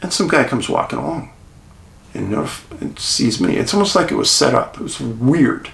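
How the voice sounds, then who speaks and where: A man with a gravelly, mid-pitched voice recounts a documentary shoot in a relaxed, conversational way. His delivery is animated, with wide swings in pitch, chuckles and dramatic pauses. The room around him gives the voice a noticeable echo. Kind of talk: casual behind-the-scenes storytelling. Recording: roomy echo.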